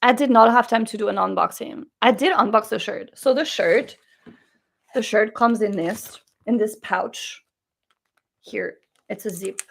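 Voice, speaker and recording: A woman vlogger telling a story in a chatty, animated way, acting out the people she quotes. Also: a little high, a little slow, creaky.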